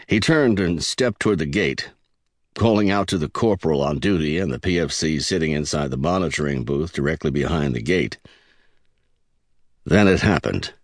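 A man reading a thriller novel aloud as an audiobook narrator, in a steady, measured storytelling manner. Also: very deep voice, no room sound, studio quality.

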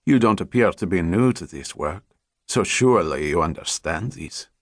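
A man voicing a cool, businesslike French woman spy with a thick French accent, speaking crisply and with finality. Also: deep voice, expressive, moderate pace, dry recording, studio quality. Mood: cool, curt. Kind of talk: audiobook character voice.

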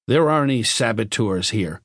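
A man's voice: lowish voice, animated, fairly quick, dry recording, clean studio sound. A man voicing a heavy-set businessman who talks in a blustering, defensive way. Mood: indignant.

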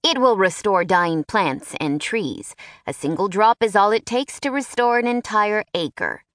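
A woman's voice: mid-range voice, lively intonation, measured pace, fairly bright tone, no room sound, clean studio sound. A woman narrator voicing a grumpy, irritable male wizard who makes potions, with a raised, grumbling voice. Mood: flustered.

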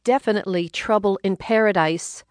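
A woman voicing a wry, sharp-tongued older mother who speaks sarcastically in a raised, exclaiming voice. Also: mid-range voice, moderate pace, no echo, studio quality, natural voice. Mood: curious.

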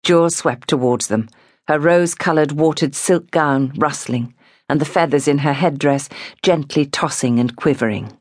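This woman's low-pitched voice carries a scripted audiobook narration, measured and expressive like a storyteller. The audio is clean studio sound without any room sound.

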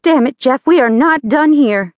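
A woman's voice: medium pitch, moderate pace, dry recording, close to an everyday voice. A woman narrator voicing a fierce middle-aged mother in an audiobook, speaking in a raised, impassioned voice. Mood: furious.

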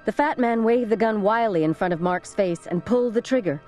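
A woman narrating a thriller audiobook in an even, measured storytelling manner. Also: mid-range voice, soft background music.

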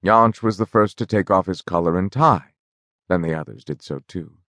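A man narrating a novel in a measured, even storytelling manner on a close studio mic. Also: sits low, no room sound. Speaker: audiobook narrator.

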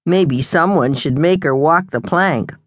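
A woman's voice: low voice, a little slow, no echo. A woman reading the lines of a crude, dim-witted young male police officer with a whiny, needling manner.

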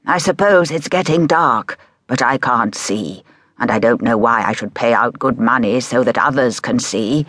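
A woman voicing an old, blind male shopkeeper in a storybook reading, slow and deliberate with a gently teasing manner. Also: a bass voice, dry recording, studio quality.

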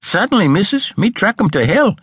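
A man's voice: sits high, very animated, brisk, fairly bright tone, slightly rough, no echo, studio quality, pitched above the performer's own voice, full character voice. A man voicing a large, cheerful old Aboriginal housekeeper who speaks in broken English, eager and earnest. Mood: solemn.

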